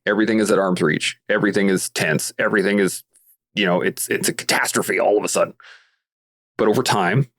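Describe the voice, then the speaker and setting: A man with a very deep, low voice talks through his ideas on a podcast, earnest and steady. He grew up in Canada and explains things with simple everyday comparisons. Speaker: podcast guest, veteran advocate. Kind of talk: casual podcast conversation.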